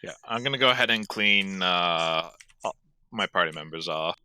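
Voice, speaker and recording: A man's voice: low voice, normal speed, sharp tone, smooth, no room sound. A man playing in a tabletop game, hesitant, often restarting his sentences. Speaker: player. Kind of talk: casual tabletop play.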